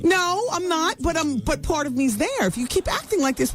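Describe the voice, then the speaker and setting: A woman's voice: sits high, expressive, normal speed, a crowd in the background. A woman hosting a talk radio show, dishing celebrity gossip in a brassy, teasing manner.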